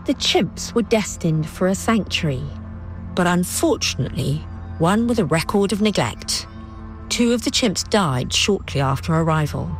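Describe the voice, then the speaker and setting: A woman narrating a documentary in a measured, scripted way. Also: fairly low pitch, animated, soft background music.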